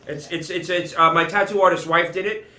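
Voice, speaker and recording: A man's voice: high-pitched, steady tone, fairly quick, reverberant, background noise. A man telling stories on a talk show, rambling and stammering with jokes. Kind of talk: casual chat, storytelling.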